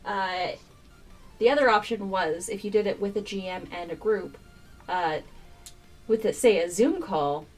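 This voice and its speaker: A woman's voice: mid-range voice, unhurried, pauses often, soft background music. A woman running a tabletop game on a live stream, chatty and explaining the rules with frequent filler words. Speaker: game master.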